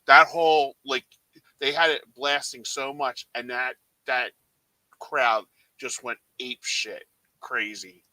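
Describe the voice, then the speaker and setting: Man, podcast co-host, very bright tense voice, dry close sound, rambling casual chat. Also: mid-range voice, fairly even intonation, unhurried, dry recording, low-quality recording. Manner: rambling storytelling full of fillers.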